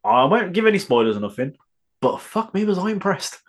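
A man's voice: high voice, very animated, fairly quick. A man co-hosting a podcast in casual chat, laid-back with dry, sweary remarks. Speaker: podcast co-host.

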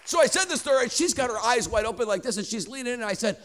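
A man, a traveling preacher, telling a story in an animated sermon with joking asides and many restarts. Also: extremely high pitch, rapid-fire, a faint crowd, slight background noise.

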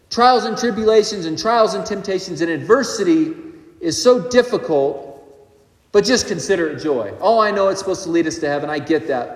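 A man preaching a sermon as pastor, animated, swinging between loud passages and quiet asides. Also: high-pitched. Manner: animated preaching, rising and dropping in loudness. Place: church hall. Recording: echoey hall recording.

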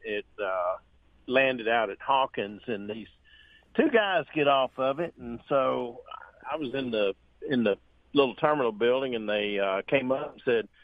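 A man's voice: medium pitch, animated, a little slow, dry recording. Male caller, folksy storyteller, tinny phone-line sound. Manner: folksy storyteller, acts out the people he quotes. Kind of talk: telling a story on a call-in show.

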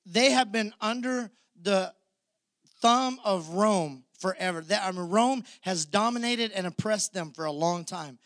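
A man's voice: high-pitched, unhurried, a bit bright, no room sound, studio quality. A man preaching a sermon as pastor, retelling scripture vividly and calling out to the congregation. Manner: vivid storytelling, audience call-outs.

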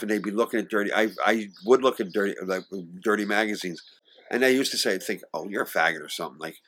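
A middle-aged man, speaking in a mid-range voice, shares candid stories during an interview. He's animated and laughs a lot, his volume rising loud and then dropping to a hush.

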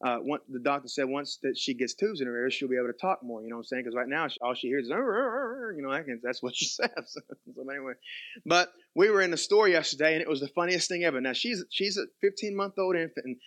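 A young male pastor, preaching a sermon in an animated way, dropping to quiet asides and rising to loud emphatic peaks. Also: medium pitch, fast.

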